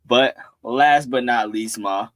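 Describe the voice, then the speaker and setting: A young man co-hosting a podcast, affirming and quick to echo and agree with his guest. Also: medium pitch, fairly bright tone. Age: young adult. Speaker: podcast co-host. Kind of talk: casual chat.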